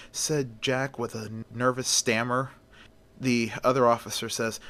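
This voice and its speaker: A man telling a story in a casual, folksy way, with a voice of middling pitch. He narrates loosely, as if talking to friends. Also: level tone, a little slow, fairly bright tone. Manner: folksy, often opens with "well".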